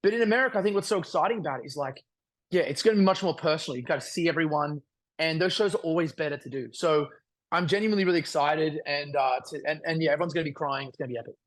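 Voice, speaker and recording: A man's voice: on the high side, very fast. A man in his thirties with an Australian accent, talking casually as an interview guest in a rambling, earnest way with many fillers and restarts. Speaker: singer-songwriter guest.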